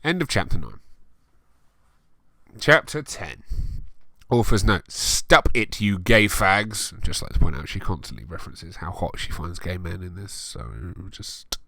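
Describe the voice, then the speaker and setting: A man's voice: low voice, sing-song, normal speed, gravelly, pauses often, sharp tone, no echo. A man reading a fan story aloud for an online video, breaking off for sarcastic, swearing asides. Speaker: YouTube reader. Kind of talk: comedic dramatic reading with commentary.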